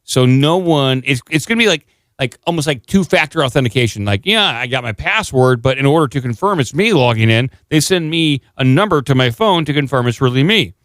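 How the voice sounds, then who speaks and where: A man on a podcast reads a news article aloud and breaks in with dry, sarcastic comments. His voice is smooth and resonant. It sounds close and dry on a studio microphone. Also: medium pitch, expressive, a little fast, hardly any pauses, dry recording. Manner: sarcastic, jokey asides. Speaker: podcast co-host. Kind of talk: casual chat, reading a news article aloud.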